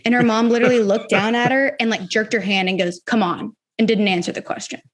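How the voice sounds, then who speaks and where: A young adult woman from the Memphis area co-hosting a sports podcast, telling stories in a lively casual way and acting out the voices of people she quotes. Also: on the high side, quick pace. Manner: animated storyteller, acts out quoted voices. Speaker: podcast co-host.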